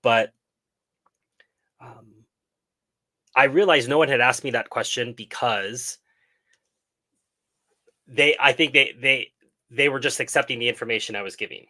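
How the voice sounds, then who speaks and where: Bright-voiced man hosting a live stream. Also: mid-range voice. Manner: thoughtful, pauses and restarts while explaining. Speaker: channel host answering viewer questions. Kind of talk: casual live-stream talk.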